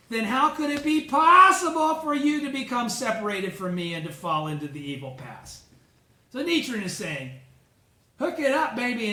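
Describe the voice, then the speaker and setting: A man leading a study group, reading scripture aloud and explaining it with slow, emphatic asides. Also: high voice, bright, forceful tone, reverberant.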